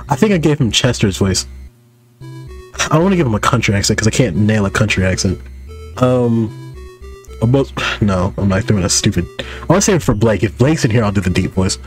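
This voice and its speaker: A man's voice: lowish voice, lively intonation, a little fast, long pauses, faint music behind. Joking young man commenting on gameplay. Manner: joking, chatty, talks to his viewers. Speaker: gaming YouTuber.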